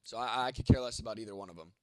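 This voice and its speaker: A congested young man with a cold talks straight at his chat, blunt, teasing and swearing nonstop. His voice comes across bright and forceful. It sounds close and dry, with no room around it. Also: fairly low pitch, rapid-fire, no echo. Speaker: livestream host answering chat. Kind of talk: casual profane chat.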